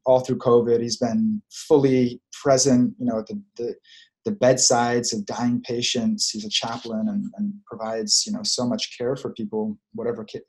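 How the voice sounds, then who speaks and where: A man's voice: medium pitch, darkish tone. A man who is a spiritual coach, giving an earnest, reflective talk and searching for words, often repeating phrases.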